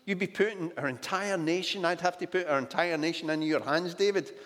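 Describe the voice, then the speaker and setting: A man's voice: a little high, brisk, fairly bright tone, in a large hall, natural voice. An incredulous, doubting king, as a preacher puts him on. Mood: doubtful. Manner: questioning, incredulous. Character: doubtful middle-aged male king.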